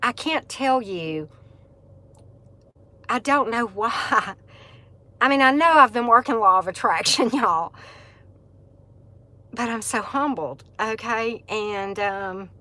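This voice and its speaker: This is a middle-aged woman chatting live with her viewers. She has an easy, chatty, animated manner and laughs often. Her voice sits in a comfortable middle pitch. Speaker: livestream host. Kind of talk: casual live chat.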